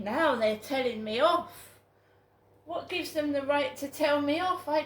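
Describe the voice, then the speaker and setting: A British woman vlogging to camera in a rambling, aggrieved way, repeating herself for emphasis. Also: high voice. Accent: British English. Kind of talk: casual vlog monologue. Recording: echoey room with faint ambient noise.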